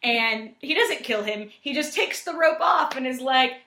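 Brief: chatty woman co-host, rambling, swears, bright voice, echoey room. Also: sits high, animated, moderate pace. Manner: rambling with restarts, casual swearing. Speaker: podcast co-host. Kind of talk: casual chat.

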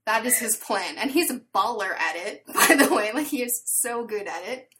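A woman's voice: a little high, animated, moderate pace, pushed and bright. Chatty woman recommending manga. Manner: chatty storyteller with many fillers. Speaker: podcast co-host. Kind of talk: casual chat.

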